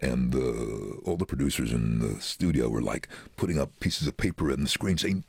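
A voiceover artist, a man, telling lively stories in a casual interview and acting out the voices of people he met. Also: normal speed, dry recording. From London. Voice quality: very deep, husky voice. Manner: animated storyteller acting out quoted voices.

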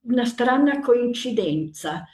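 An older woman recalling a painful time, emotional and pausing as she speaks. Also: fairly high pitch, animated, a little mellow. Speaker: interview guest. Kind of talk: emotional personal recollection.

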